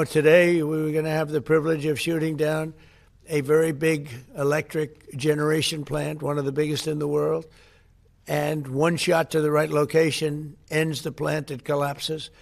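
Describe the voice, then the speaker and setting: A man's voice: a little high, gravelly. An older American man giving off-the-cuff press remarks, boastful and rambling, repeating his phrases as he answers reporters. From United States. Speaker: head of state taking press questions.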